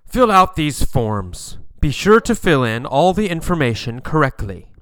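Man doing strict female nurse, firm, slow, dry close sound. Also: on the high side, big pitch swings, a bit bright, no room sound.

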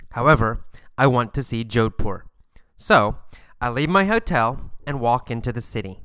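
A man narrating a scripted story for learners in a slow, deliberate, clearly enunciated way. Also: medium pitch, sharp tone, dry recording.

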